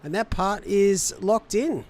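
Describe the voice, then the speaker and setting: A man's voice: high-pitched, slow, a little mellow. A man hosting a sim racing livestream, upbeat and jokey, full of casual slang. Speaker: race broadcast host. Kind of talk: livestream race show hosting.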